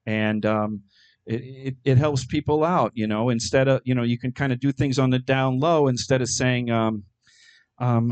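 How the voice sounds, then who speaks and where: A middle-aged man doing a stand-up comedy set, delivering absurd jokes in a deadpan way with frequent ums and uhs. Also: mid-range voice, moderate pace, clean tone.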